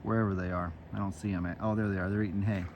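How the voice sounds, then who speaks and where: A man speaks softly and tenderly to his young goat as he says good night. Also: low-pitched, little pitch movement, very fast, dull audio, a little hiss or hum. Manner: soft, tender baby talk to an animal. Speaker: farm vlogger. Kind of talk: casual vlog.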